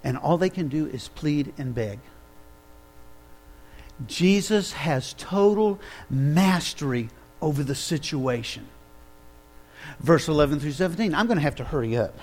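Male preacher, high voice, slow measured sermon, animated storytelling, questions the congregation.

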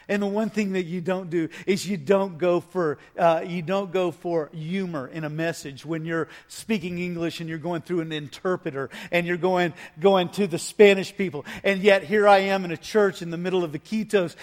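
A man preaching a sermon, telling a story with animated delivery and acting out the scenes. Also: sits high. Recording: echoey hall reverb.

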